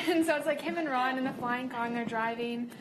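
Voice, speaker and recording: A woman's voice: sits high, brisk, noisy background. A young woman in college, chatting casually and laughing as she describes funny videos. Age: young adult. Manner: bubbly, laughs often. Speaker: co-host. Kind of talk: casual chat.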